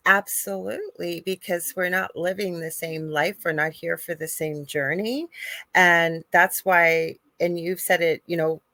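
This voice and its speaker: A woman's voice: lowish voice, steady tone, unhurried, sharp tone, dry recording. A middle-aged woman from Canada, a psychic medium guest, chatting in a talkative, storytelling way on a remote call. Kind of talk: casual podcast chat.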